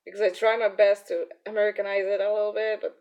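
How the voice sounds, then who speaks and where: A woman's voice: mid-range voice, little pitch movement, quick pace, darkish tone. A young adult woman with a Polish accent, a native Polish speaker, chatting casually on a live stream while she draws, hungover, chuckling often and muttering to herself. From Poland. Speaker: artist streaming while drawing.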